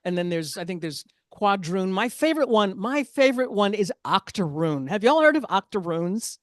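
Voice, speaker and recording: Woman comic, mid-pitched, chatty, self-mocking stand-up, dry close sound. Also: very animated, moderate pace, no room sound. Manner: chatty, self-deprecating, asides to the audience. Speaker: stand-up comedian. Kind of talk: stand-up comedy set.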